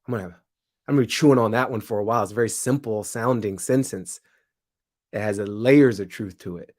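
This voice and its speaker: A man speaking as an interview guest, reflective and thoughtful, with quick asides and frequent laughs. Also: fairly low pitch, darkish tone. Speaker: guest, comedian and show host.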